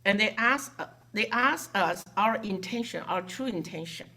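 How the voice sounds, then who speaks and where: A woman's voice: mid-range voice, moderate pace. A woman telling a story to a gathering, acting out the voices of the people she quotes. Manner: animated, acts out quoted voices. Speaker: foundation director.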